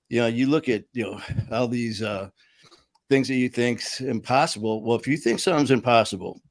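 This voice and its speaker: A man's voice: medium pitch, no echo. A man hosting a casual talk, telling a story with lots of fillers, laughs and acted-out quotes. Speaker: show host.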